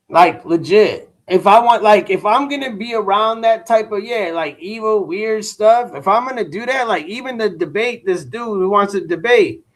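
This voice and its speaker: A man hosts a casual livestream and talks with his chat in an unhurried, drawn-out way. His voice sits high for a man. He sounds tired and dismissive, and he drops "bro" into almost every line. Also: fairly bright tone. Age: adult. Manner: laid-back slangy talk, says bro a lot; dismissive toward a chat troll. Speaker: livestream host.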